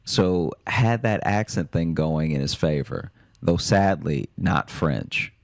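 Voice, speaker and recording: A man with a very low, deep voice reads a listener's story aloud on a comedy podcast. His delivery is dry and wry, and the sound is close and dry, with no room around it. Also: expressive, takes it slowly, gravelly, dry recording.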